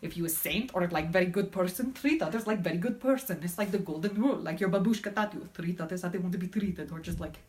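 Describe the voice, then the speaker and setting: A woman acts out a blunt Russian woman with a heavy put-on Russian accent and broken grammar. Her voice is fairly low and her delivery is deadpan. She sounds matter-of-fact. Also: fast talker, few pauses, natural voice. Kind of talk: comedic skit interview.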